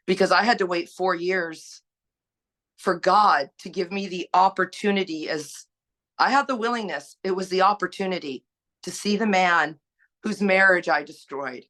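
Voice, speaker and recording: A woman's voice: lowish voice, moderate pace, fairly bright tone. A woman sharing her recovery story on a panel, earnest and exhorting, asking rhetorical questions. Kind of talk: personal sharing, preachy.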